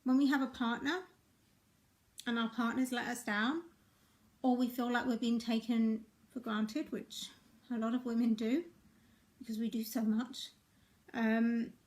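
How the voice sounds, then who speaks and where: With a slightly high voice, a middle-aged life and relationship coach gently guides viewers through what they're feeling. She stays reassuring throughout and keeps checking in with them.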